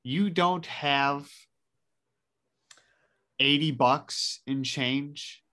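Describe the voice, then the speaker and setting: A man's voice: fairly high pitch, very slow, bright, forceful tone. A man co-hosting a podcast in casual chat, pressing blunt, incredulous questions and swearing. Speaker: podcast co-host.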